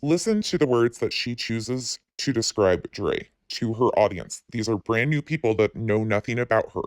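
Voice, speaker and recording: A man hosting a channel, speaking a pointed commentary voice-over and asking sharp questions. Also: mid-range voice, animated, moderate pace, no echo, clean studio sound.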